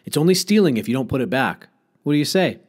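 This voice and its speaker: A man's voice: medium pitch, sing-song, fast talker, breathy edge. A man voicing a confident, pushy schoolboy who talks his friends into a scheme, in a storybook reading. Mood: scheming. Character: eager schoolboy pal, a bold schemer.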